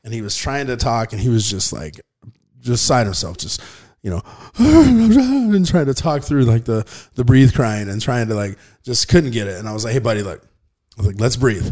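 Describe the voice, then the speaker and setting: Man, 30s, podcast co-host; earnest, rambling delivery with frequent restarts, lowish voice. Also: brisk, a little mellow. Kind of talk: casual podcast chat.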